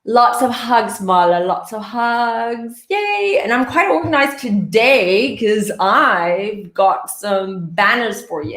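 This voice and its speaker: A woman hosting a live tarot show, chatting in a warm, upbeat way and greeting viewers by name. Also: mid-range voice, echoey room. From Greece. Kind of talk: casual live-stream chat.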